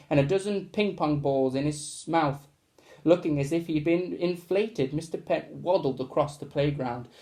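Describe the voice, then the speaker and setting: A man reading a children's storybook aloud in a lively way, adding sound effects as he goes. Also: a little high.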